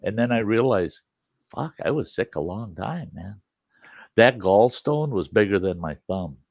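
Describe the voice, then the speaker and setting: Host type: a low, gravelly man who tells salty, rambling stories in casual chat, on dull lo-fi stream audio. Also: a little slow, dry recording. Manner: salty, rambling anecdotes with lively quoted voices.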